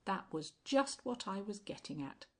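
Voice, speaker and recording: A woman's voice: medium pitch, big pitch swings, moderate pace. A woman voicing a smug, self-satisfied male village doctor in an audiobook, pompous and insistent. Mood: smug insistence.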